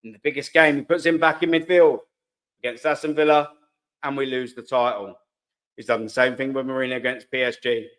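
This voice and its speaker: A man's voice: mid-range voice, steady tone, a little fast, fairly bright tone. A young British man hosting a fan live stream who rants heatedly and sarcastically at comments, swearing freely. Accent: British English. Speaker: fan channel host.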